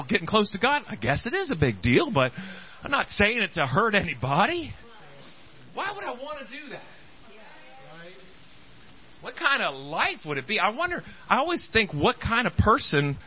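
A man delivers a sermon in a high, lively voice that swings widely as he breaks off and restarts his sentences. He acts out the voices of the people he quotes. The recording is dull and lo-fi, like a church tape. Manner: animated, halting preacher acting out quoted voices. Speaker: pastor.

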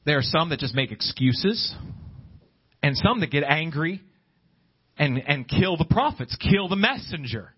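Pleading preacher, dull lo-fi recording. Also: male voice, sing-song, measured pace, husky. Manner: swings between high pleading exclamations and low hushed asides. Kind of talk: sermon.

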